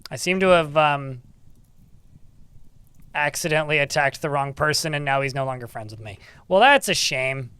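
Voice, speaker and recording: Guy streaming a game live, kinda high smooth voice, dry sarcastic jokes, reads out the game text. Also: normal speed, sharp tone, dry recording. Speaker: streamer playing a video game.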